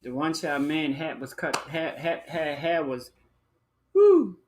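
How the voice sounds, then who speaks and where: A man hosting a live-stream talk show, chatting in a sassy, flamboyant way, calling listeners honey and child and breaking into high whoops. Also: fairly even intonation, a little slow, noisy background. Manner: bursts into high whooping exclamations. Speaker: livestream show host. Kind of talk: casual live-stream chat.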